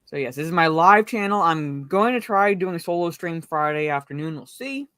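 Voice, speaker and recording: A woman's voice: on the low side, expressive, normal speed, a bit bright, no room sound, studio quality. A woman hosting a casual live stream, chatting about a movie and greeting viewers from the chat. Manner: chatty, greets viewers and reads chat messages aloud, frequent fillers. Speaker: livestream host.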